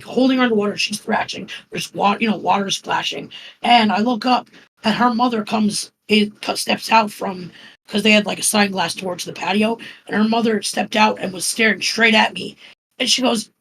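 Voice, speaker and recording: Podcast guest: woman from Florida with a gravelly, husky voice, calm casual storyteller full of fillers. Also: medium pitch, low-quality recording. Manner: calm, even telling with many fillers.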